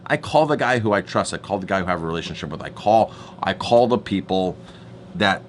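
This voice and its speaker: Earnest middle-aged chef for a staff training talk, lowish voice, faint background noise. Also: male voice, lively intonation, fairly quick. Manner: earnest, emphatic, repeats words as he goes. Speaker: chef and restaurant owner.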